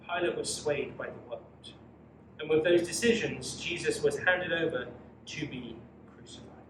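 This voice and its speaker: A man teaching a youth Bible study, preaching emphatically and reading scripture dramatically. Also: fairly high pitch. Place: church room. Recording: echoey room from far off with noise.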